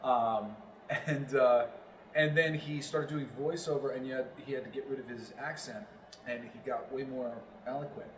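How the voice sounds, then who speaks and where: A man's voice: mid-range voice, steady tone, normal speed, noisy background. A man from New York, a voiceover actor, talking casually as an interview guest and rambling with many fillers. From New York, Long Island. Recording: roomy, distant mic.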